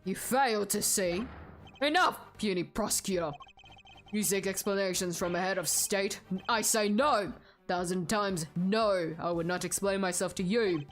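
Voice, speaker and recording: A woman voicing a pompous, commanding male head of state in a game, speaking in slow, grandiose declarations. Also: medium pitch, faint music behind, close to an everyday voice.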